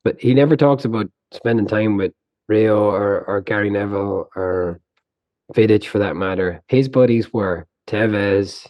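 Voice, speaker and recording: A man co-hosting a casual podcast, talking in a relaxed, reflective way. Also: on the low side, measured pace, no echo, highs cut off. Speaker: podcast co-host. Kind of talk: casual chat.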